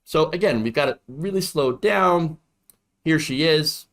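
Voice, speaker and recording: A man's voice: a little high, measured pace, fairly bright tone. A man doing online political commentary, indignant and sarcastic, often repeating himself for emphasis.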